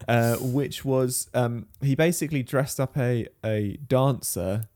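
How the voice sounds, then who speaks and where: A man co-hosting a casual tech podcast from his spare bedroom, joking and rambling in quick bursts. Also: medium pitch, darkish tone. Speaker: podcast co-host.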